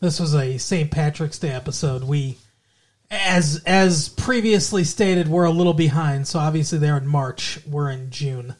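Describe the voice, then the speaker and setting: A man's voice: fairly high pitch, measured pace. A man co-hosting a podcast, chatting casually and joking with his co-host. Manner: jokey, puts on a mock Irish accent at the start. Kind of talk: casual chat.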